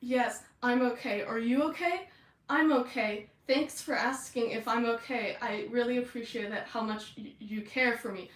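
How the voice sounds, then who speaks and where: A woman's voice: on the high side, moderate pace, echoey room, voice pushed up, lightly acted. A woman voicing two male merfolk police officers, tough bros who talk earnestly and cheerfully support each other. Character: two sweet, mutually admiring bro mer-police officers.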